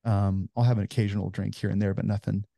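Gravelly low-voiced man telling stories. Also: little pitch movement, fast talker, warm tone, dry recording. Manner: earnest storyteller, heavy on "you know" fillers. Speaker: ministry founder, guest. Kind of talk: conversational storytelling interview.

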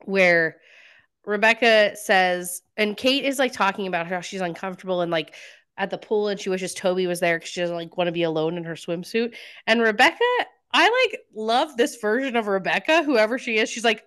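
A woman in casual podcast chat, recapping a show with animated retellings and quoted lines. Her voice sits in a middle pitch range, and she keeps a loose, conversational rhythm. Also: fairly quick, clear, resonant tone. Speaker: podcast co-host.

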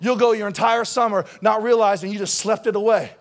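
Young male pastor, high tenor voice, fiery youth sermon that swings from quiet asides to shouts. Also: steady tone, fairly quick. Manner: impassioned preaching that swings from quiet talk to shouting.

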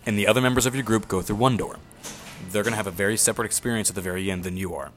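A man's voice: lowish voice, fairly even intonation, very fast, fairly bright tone, soft background music. A young man casually telling a rambling story, swearing freely and acting out the voices of the people he quotes.

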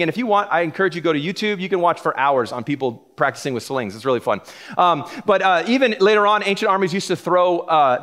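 A man's voice: high voice, a bit bright. A middle-aged man preaching a sermon from the pulpit in a casual, joking way. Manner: casual and joking, laughs between points. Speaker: pastor. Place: church sanctuary.

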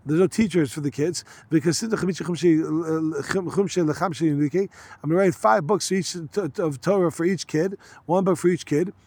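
Man, Talmud teacher, reads then explains, slightly high voice, dry close sound. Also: normal speed, a little mellow, dry recording. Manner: reads Aramaic lines then explains in casual English with yeshiva terms. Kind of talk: Talmud study lesson, reading and translating.

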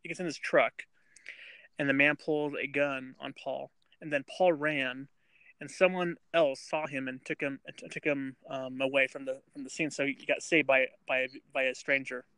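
A man's voice: medium pitch, steady tone, moderate pace, pushed and bright, no echo. A man co-hosting a casual true-crime podcast, telling the story with many fillers and restarts. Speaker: podcast co-host.

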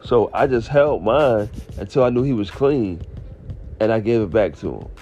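A man acting out a blunt woman coworker, set a little lower than his own voice and mellow in tone. She talks in a slangy, matter-of-fact way with no shame. The audio is slightly muffled, with faint music underneath. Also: animated, moderate pace. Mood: unashamed. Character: brash blunt woman coworker telling her story.

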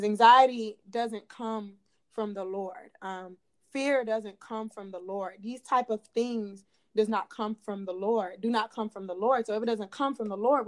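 Earnest young woman preaching her faith. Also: medium pitch. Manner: earnest, preachy, repeats phrases for emphasis. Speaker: podcast guest, PA student. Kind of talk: faith-based podcast conversation.

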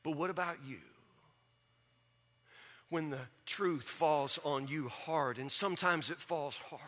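A man's voice: a little high, slow pace, long pauses, pushed and bright. A man preaching a sermon with emphatic, repeated phrases that build in intensity.

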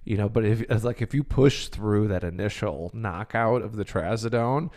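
A man joins a casual podcast conversation and tells a story in a relaxed, wry manner. His voice sits slightly below average in pitch. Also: normal speed. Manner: laid-back, wry storyteller. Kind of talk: casual chat.

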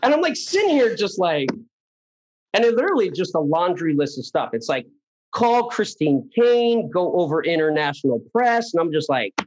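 Male guest, fairly high voice, casual animated storyteller. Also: moderate pace, highs cut off, slight background noise. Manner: animated, acts out quoted people, many fillers.

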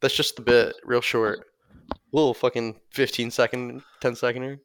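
Brief: young male co-host, loose and crude, riffing skit ideas in a clear voice. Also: medium pitch, little pitch movement, normal speed, fairly bright tone, dry recording. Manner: riffs on skit ideas, swears, laughs often. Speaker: podcast co-host. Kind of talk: casual crude comedy chat.

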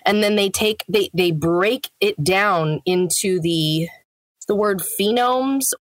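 A woman's voice: medium pitch, slow, no echo. A woman in her thirties, a voiceover actor, chatting in an interview and explaining things with easy laughs. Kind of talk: casual interview chat.

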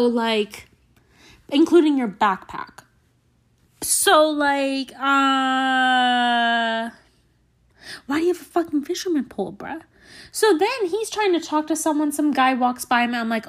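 A woman's voice: sits high, lively intonation, slow pace. A young woman host in a put-on mock Southern accent, telling a profane, exasperated comedic story on a solo podcast. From Canada.

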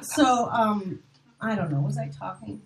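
A middle-aged woman from Minnesota, a casting director, telling animated, self-deprecating stories in a rambling chat. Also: medium pitch, measured pace, gravelly, a loud crowd. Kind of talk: casual storytelling chat.

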